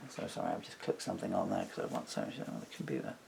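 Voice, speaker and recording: A man's voice: extremely low pitch, big pitch swings, quick pace, vocal fry, a little mellow, slight background noise. A man telling a long grievance in a personal vlog, rambling and indignant, acting out what others said. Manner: indignant, rambling retelling with acted-out quotes. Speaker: vlogger.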